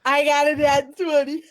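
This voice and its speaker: A woman playing a tabletop game who chats casually and laughs often. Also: high-pitched. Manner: giggly, playful. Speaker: player.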